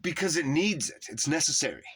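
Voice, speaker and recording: A man's voice: a little high, lively intonation, a little fast, a bit bright, husky, dry recording. A man delivering a heated, profane rant, putting heavy emphasis on his words and tone. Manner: heated, emphatic, swearing often. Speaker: religious commentator.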